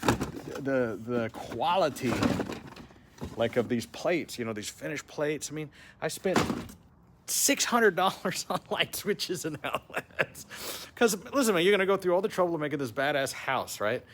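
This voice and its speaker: Chatty excitable man, noisy camera audio. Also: on the high side, measured pace. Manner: chatty, excitable, laughs often. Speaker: vlogger. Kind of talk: casual walk-around vlog. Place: trailer and workshop yard.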